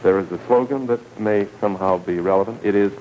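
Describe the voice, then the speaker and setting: A man giving a televised lecture in a measured, deliberate way, repeating key words for emphasis. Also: on the low side, dark tone, highs cut off, a little hiss or hum.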